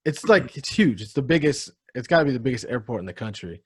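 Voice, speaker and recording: A man's voice: mid-range voice, animated, fast talker, a little mellow, husky, dry recording, clean studio sound. A young man co-hosting a podcast, talking in a laid-back, profane way. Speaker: podcast co-host. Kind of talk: casual chat.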